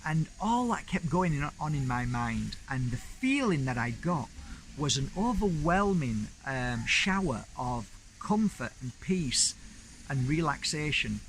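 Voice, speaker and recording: A man's voice: on the high side, very animated, measured pace, a bit bright, slight background noise, poor audio. A man hosting his own channel, telling a personal story in a chatty, rambling, enthusiastic way. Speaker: crystal channel host. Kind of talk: casual storytelling to camera.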